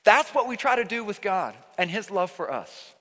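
A man's voice: sits high, big pitch swings, moderate pace, fairly bright tone. A man preaching a sermon as pastor, earnest and emphatic, often repeating himself for emphasis. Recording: long hall reverb.

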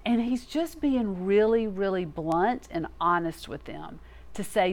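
A woman giving a casual, conversational Bible teaching in a folksy, animated way. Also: mid-range voice, measured pace.

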